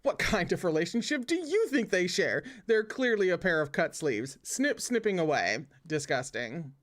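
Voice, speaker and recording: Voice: mid-range voice, quick pace, fairly bright tone, natural voice. A reader voicing a brash, indignant young nobleman in a read-aloud of a novel, who scoffs and blusters. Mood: scoffing.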